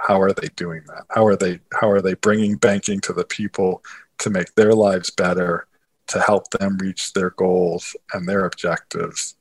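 A man with a somewhat low, husky voice, speaking as an interview guest. He tells a story animatedly and conversationally, filling his sentences with little asides and restarting his thoughts as he goes. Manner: animated, many filler phrases and restarts. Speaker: interview guest, author and investor.

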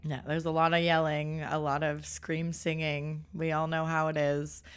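A young woman co-hosting a podcast, chatting casually in a voice gone hoarse after a busy weekend. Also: low voice, flat delivery, moderate pace. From Canada. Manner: chatty, laughs easily. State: hoarse from losing her voice. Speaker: podcast co-host. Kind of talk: casual chat.

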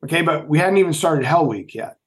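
A middle-aged man with a somewhat high-pitched voice tells a story in an interview. He is emphatic and animated and keeps asking his listener rhetorical questions. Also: fairly quick. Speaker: podcast guest, former Navy SEAL.

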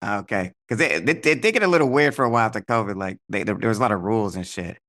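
A man in casual comedic podcast chat, relaxed and agreeable, chuckling along. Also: on the low side, quick pace.

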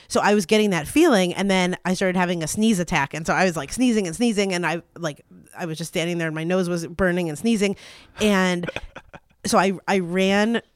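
A man with a high voice chats casually in a dry, close room, telling an embarrassing story with lots of "like" and bursts of laughter. He talks in an animated, rambling way. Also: fairly quick, dry recording. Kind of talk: casual chat.

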